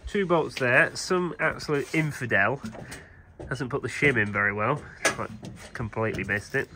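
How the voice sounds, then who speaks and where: A man hosting a workshop video, explaining each step in a relaxed, wry way as he works on a big engine. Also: medium pitch, normal speed. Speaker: host mechanic. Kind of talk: casual hands-on workshop commentary. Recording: noisy workshop recording.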